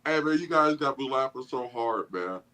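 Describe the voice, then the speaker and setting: A man's voice: mid-range voice, expressive, moderate pace, pushed and bright. A man, a former football player, chatting loosely on a livestream over a video call. He swears freely and laughs a lot. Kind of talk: casual sports chat.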